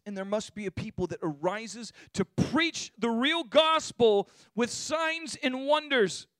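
A man preaching a sermon with passion, building to shouts. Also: very high voice, dry recording, studio quality. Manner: impassioned, rising to shouts.

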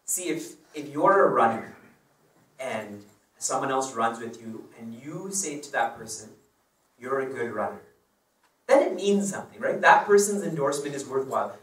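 A man's voice: medium pitch, animated, normal speed, fairly bright tone. A man teaching as a spiritual teacher, telling personal stories in a chatty way and laughing along with them. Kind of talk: devotional discourse with personal stories. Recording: roomy sound from a distant mic.

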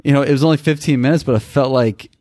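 A man's voice: medium pitch, quick pace, a little mellow, no echo, clean studio sound. A man in his thirties telling a personal story on a podcast, emotional and rambling, with many restarts. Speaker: podcast co-host. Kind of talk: casual storytelling.

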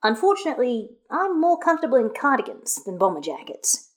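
A woman's voice: fairly high pitch, sing-song, brisk, pitched above the performer's own voice. A woman reading the part of a bookish wizard man with a dry, wry manner in an audiobook of fan fiction.

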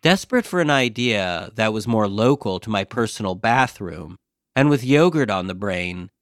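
A man reading his own scripted comic diary as a podcast host, in a deadpan, dryly self-mocking way. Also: mid-range voice, clear, resonant tone, no room sound, studio quality.

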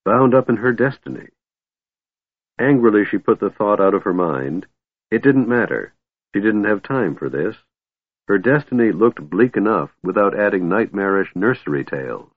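Male audiobook narrator, lowish voice, measured fantasy reading, tinny dry audio. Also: very animated, husky, dry recording. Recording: narrow phone-like audio, dry.

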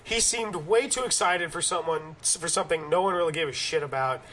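A man hosting a casual gaming podcast, animated and joking, swearing casually as he tells stories. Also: a little high, brisk, slight background noise. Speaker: podcast host.

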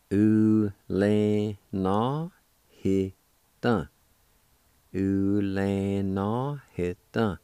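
A man hosting a radio language lesson, who sounds out words slowly syllable by syllable and patiently encourages listeners to practice. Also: sits low, warm tone, dry recording. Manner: slow, careful syllable-by-syllable pronunciation.

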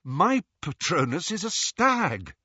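A man putting on a shaken young man, weak and shivering, firing short urgent questions in a raised voice. It sounds husky and a little off-mic on a muffled, dry audiobook recording. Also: sits high, sing-song, takes it slowly, pushed and bright, no room sound, voice pushed up, full character voice.

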